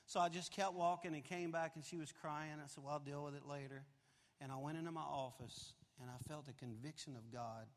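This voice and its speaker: A man in his fifties preaches to a large church congregation, telling a personal story with animated swings between loud outbursts and hushed, confessional moments. His voice sits high for a man, and a long hall reverb trails every phrase. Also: fairly quick. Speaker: pastor. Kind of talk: storytelling sermon.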